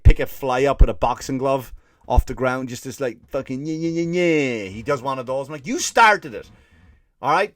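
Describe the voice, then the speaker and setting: A man's voice: medium pitch, dry recording, studio quality. Profane, ranting Irish man. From Ireland. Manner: profane ranting storyteller, mimics people in put-on voices. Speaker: podcast host. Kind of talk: comedic monologue.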